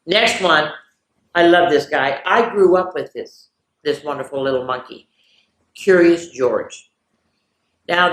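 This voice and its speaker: A woman hosting a children's story time, reading picture books and jokes aloud in an animated, sing-song storyteller voice. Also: lowish voice. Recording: roomy echo.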